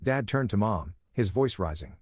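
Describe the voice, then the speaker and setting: Low-voiced man reading a story. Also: lively intonation, moderate pace, darkish tone, slightly rough, no echo, studio quality. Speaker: story narrator. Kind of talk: first-person story narration.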